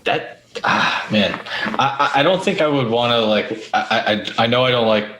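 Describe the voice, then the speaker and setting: A man's voice: mid-range voice, pushed and bright, a little hiss or hum. American male podcast host, rambling, foul-mouthed, echoey room sound. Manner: rambling, swearing, halting restarts. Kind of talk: casual podcast chat.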